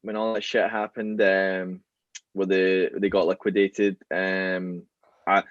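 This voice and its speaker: A man's voice: low-pitched, flat delivery, slow, no room sound, highs cut off. A man with a Glaswegian Scottish accent chatting casually as a podcast guest, rambling with lots of fillers and restarts. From Scotland. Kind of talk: casual chat.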